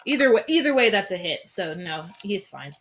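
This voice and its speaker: A woman's voice: medium pitch, sing-song, normal speed, a bit bright. A woman playing a tabletop game, chatting about moves and reading rules aloud with laughs. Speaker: player.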